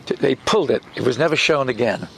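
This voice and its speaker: Older man with a gravelly, lively voice. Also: medium pitch, fast talker, heavy background noise. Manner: animated, with restarts and acted-out quotes. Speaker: actor interviewee. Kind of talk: anecdotal interview storytelling.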